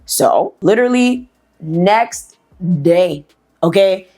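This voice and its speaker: A woman's voice: mid-range voice, animated, slow pace, dark tone. A woman telling a story in a casual, slangy, chatty way, swearing freely. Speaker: storyteller host.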